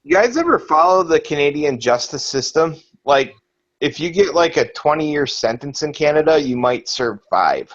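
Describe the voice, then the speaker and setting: A man in casual voice chat, talking in a calm, matter-of-fact way. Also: fairly high pitch, moderate pace. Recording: dull lo-fi mic.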